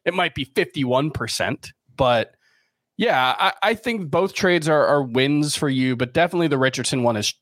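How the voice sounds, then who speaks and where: Man with a lively, shifting voice. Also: on the high side, no room sound, clean studio sound. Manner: measured analysis with stammered restarts. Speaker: podcast co-host. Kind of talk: casual podcast chat.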